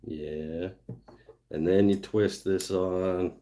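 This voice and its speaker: Speaking extremely slowly in a low voice, a man runs a laid-back live stream from his home workshop as a woodturner. He reads viewer comments, mutters to himself while he works, and thinks aloud in a relaxed way.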